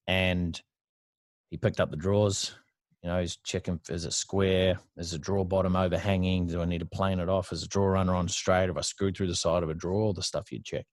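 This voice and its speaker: With a deep voice, fairly even intonation, and a slightly fast pace, an Australian entrepreneur in his thirties tells stories as a guest in a casual interview. He is chatty and blunt and swears freely. The studio sound is clean, with no echo.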